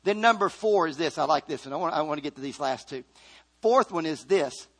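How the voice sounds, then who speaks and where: Male preacher, high voice, animated, shouts for emphasis, repeats phrases. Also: brisk. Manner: acts out scripture quotes in voices. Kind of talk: sermon.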